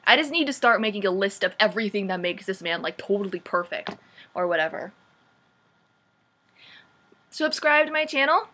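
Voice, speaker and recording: A young woman recapping a book in a casual vlog, sarcastic and animated, saying "like" a lot. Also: mid-range voice, moderate pace, long pauses. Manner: sarcastic, says "like" often, animated. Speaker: vlogger.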